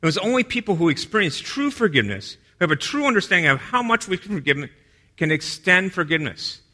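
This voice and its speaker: Bright-voiced man preaching a sermon. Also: high-pitched, very animated, fast talker. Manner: dynamic, drops to a hush for quoted lines.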